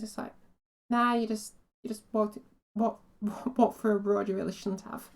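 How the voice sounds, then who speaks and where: A woman's voice: on the high side, little pitch movement, moderate pace, vocal fry, fairly bright tone. Chatty woman streamer. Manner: chatty, self-mocking, laughs at herself. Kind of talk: casual game commentary.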